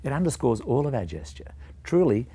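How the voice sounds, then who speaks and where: A man who founded a music teaching program, explaining his ideas emphatically and voicing rhythms out loud to show them. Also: medium pitch, sing-song, fairly quick, husky. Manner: emphatic, vocalizing rhythms to demonstrate points. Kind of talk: explanatory talk to camera.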